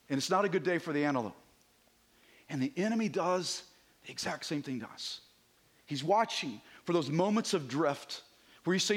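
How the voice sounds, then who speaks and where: A man preaching a sermon as a visiting pastor, animated and conversational, sometimes dropping to a hushed near-whisper for emphasis. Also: on the high side. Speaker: guest preacher.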